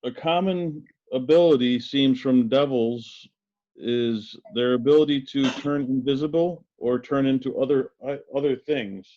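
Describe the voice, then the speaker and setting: A man at a game table thinking through plans aloud. His voice sits at an ordinary pitch. The sound is somewhat muffled and lo-fi. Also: a little slow, dark tone. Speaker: player. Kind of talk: casual game table chat.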